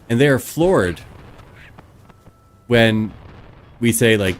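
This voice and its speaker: A man's voice: medium pitch, animated, slow pace, pauses often. A man, chatting casually with his live stream viewers and rambling through stories with plenty of fillers. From Canada.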